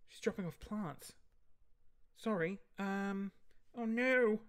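A man's voice: high-pitched, normal speed, pushed and bright. A man hosting a casual solo podcast, rambling and easily sidetracked. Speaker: podcast host.

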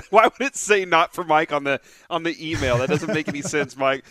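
A man's voice: a little high, animated, normal speed, a bit bright, no echo. A man co-hosting a sports radio show, joking and chatting casually while eating.

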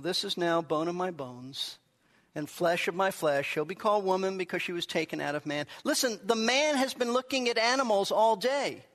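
A man delivering a Bible teaching in a high, bright voice, stressing key phrases and surging with enthusiasm. The sound carries a long reverb tail, like a large hall.

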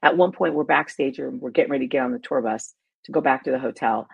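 Middle-aged woman, talk show host, animated storyteller, gravelly, very husky. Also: a bass voice, fast, no room sound, highs cut off. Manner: animated storyteller, restarts and emphatic asides. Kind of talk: casual storytelling chat.

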